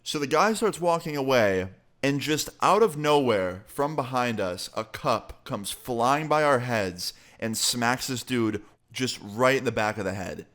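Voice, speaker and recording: A man's voice: medium pitch, animated, unhurried, fairly bright tone. Profane laid-back male storyteller. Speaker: vlogger. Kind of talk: casual storytime.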